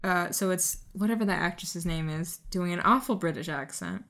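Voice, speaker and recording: Young woman co-host, casual movie chat, slightly lower voice, loose and filler-heavy. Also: normal speed, a bit bright. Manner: chatty, full of fillers and asides. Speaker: podcast co-host.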